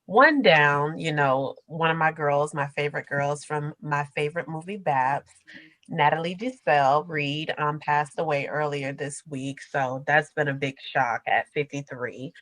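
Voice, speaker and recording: Young woman podcast host, casual chat, slangy, laughing, low-pitched, dry close sound. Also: a little slow, a bit bright, no echo, low-quality recording. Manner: chatty, laughing, slangy storyteller.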